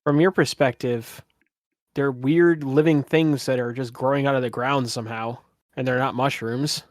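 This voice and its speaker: A man running a tabletop game as game master, narrating scenes in a soft, descriptive way with casual fillers. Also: mid-range voice, steady tone, moderate pace, no echo, studio quality.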